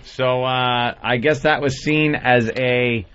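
A man's voice: mid-range voice, steady tone, takes it slowly. A man hosting a radio show, bantering and reading a memo aloud with mock gravity. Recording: dull lo-fi broadcast with faint hiss.

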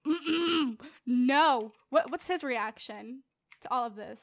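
A woman's voice: high-pitched, expressive, measured pace, no echo. A teenage girl giving casual, playful commentary as she plays a life-simulation game, chatting and joking with her viewers. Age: late teens. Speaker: let's play host.

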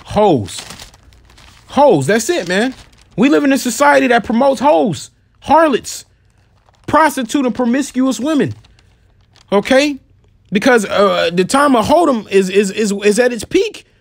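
A man with a notably high voice delivers an informal sermon, scolding his listeners bluntly and swearing freely. When he quotes scripture he slows into a measured, solemn reading. The recording is dry and close, with no room echo. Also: animated, gravelly. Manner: reads scripture slowly and solemnly. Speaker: preacher.

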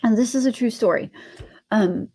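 A woman's voice: on the high side, normal speed, gravelly, dark tone, husky. A middle-aged woman hosting a craft channel, telling a personal story in a rambling, casual way with many restarts.

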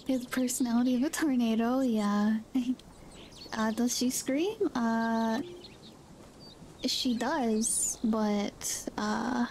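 Soft-voiced, unhurried woman streamer. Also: a little high, steady tone, a little hiss or hum. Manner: soft-spoken, giggly, chatty about her dog. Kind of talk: casual chat with viewers while gaming.

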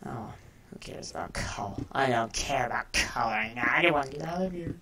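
Low-voiced woman chatting through a game. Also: normal speed, poor audio. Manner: chatty, talks straight to viewers, sudden excited outbursts. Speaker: gaming video host. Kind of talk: casual game commentary.

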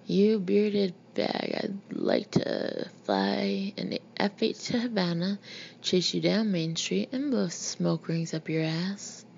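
A woman voicing a brash, blunt middle-aged male Marine colonel who talks gruffly and mockingly, in a muffled lo-fi recording. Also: mid-range voice, takes it slowly, darkish tone. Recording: muffled lo-fi recording with faint hiss.

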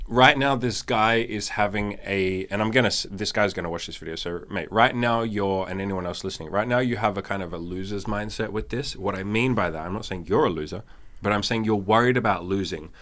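A man hosting a casual podcast chat, blunt and animated, swearing often. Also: fairly low pitch. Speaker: podcast host and dating coach.

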